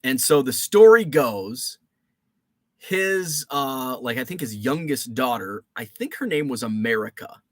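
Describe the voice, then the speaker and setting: A man's voice: mid-range voice, animated, a little slow, no room sound. A man hosting a casual live stream, greeting viewers from the chat and telling rambling stories full of fillers and restarts.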